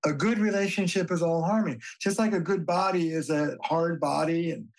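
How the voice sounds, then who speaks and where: Older male family therapist, podcast guest; animated, emphatic storyteller, casually profane. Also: fairly high pitch, fairly quick, vocal fry, low-quality recording. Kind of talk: conversational podcast interview.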